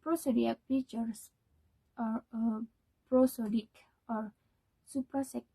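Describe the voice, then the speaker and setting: Young woman doing a class presentation in english, slow and halting, dark husky voice. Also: a little high, fairly even intonation, poor audio. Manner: halting, many fillers and restarts. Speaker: student.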